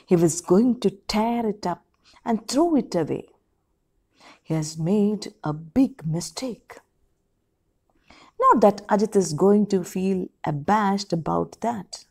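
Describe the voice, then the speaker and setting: A woman teacher reading a story aloud and explaining it, in an expressive, dramatic way. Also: fairly low pitch, slightly rough. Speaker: English teacher.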